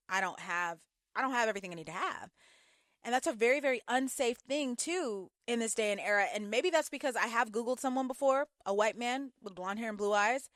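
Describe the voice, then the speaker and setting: A young woman giving a casual commentary vlog, telling stories in an animated way with sudden jumps in pitch. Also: dry recording, clean studio sound. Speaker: YouTube commentator.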